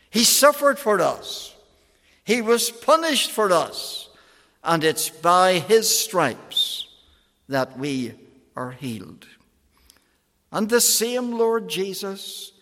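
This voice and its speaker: A man's voice: high voice, fairly bright tone. A man preaching an evangelistic sermon, pleading emphatically with phrases that rise and fall. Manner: slow, emphatic pleading with soaring and falling phrases. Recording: long hall reverb.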